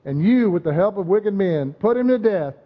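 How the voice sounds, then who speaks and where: High-voiced preacher in an echoing hall. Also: male voice, lively intonation, moderate pace. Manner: emphatic, calls out "Amen?" and "right?" to the congregation. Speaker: pastor. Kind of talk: sermon. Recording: dull muffled sound with long hall reverb.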